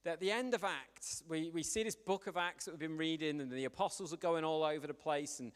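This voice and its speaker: A man gives a sermon, telling stories in a chatty, lively way. His voice sits a little higher than most men's. The church's long reverb trails after each phrase. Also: a little fast. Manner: conversational, animated storytelling. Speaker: preacher.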